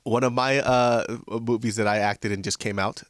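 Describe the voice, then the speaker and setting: A man's voice: medium pitch, steady tone, moderate pace, fairly bright tone, dry recording, studio quality. A man in his thirties co-hosting a casual podcast, joking around and breaking into laughter. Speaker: podcast co-host. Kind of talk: casual chat.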